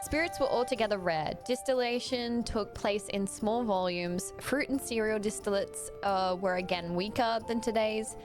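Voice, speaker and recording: A woman's voice: mid-range voice, moderate pace, hardly any pauses, over music. An Australian woman streaming a game, chatty and giggly, talking casually over it. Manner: chatty, giggly, slips into silly voices. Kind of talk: casual gameplay commentary.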